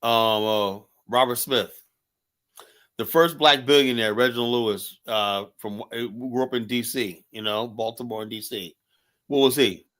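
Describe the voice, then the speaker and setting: A man's voice: medium pitch, unhurried, a bit bright. Casting: man, middle register, heated debater in a casual online talk. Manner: heated, argumentative, keeps asking "you know?". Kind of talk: casual live-stream debate.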